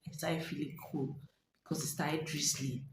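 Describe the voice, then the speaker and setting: A young Nigerian woman vlogger tells a story to camera with plenty of drama, acting out voices and sinking into whispers. Her voice sits low with little pitch movement, and her pace is moderate. The room is echoey, with faint ambient noise.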